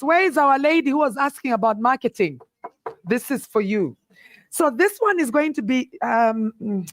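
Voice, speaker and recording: A woman's voice: high-pitched, dry recording. A woman hosting a live youth event, playful and teasing as she rallies the crowd. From South Africa. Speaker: event host. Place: event venue.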